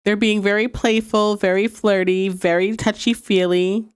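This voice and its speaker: A woman's voice: mid-range voice, normal speed, clear, resonant tone. A woman hosting a podcast, casually retelling a TV episode scene by scene with playful asides. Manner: animated storytelling with playful asides and laughs. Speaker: podcast host recapping a TV episode. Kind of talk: casual recap, acting out quotes.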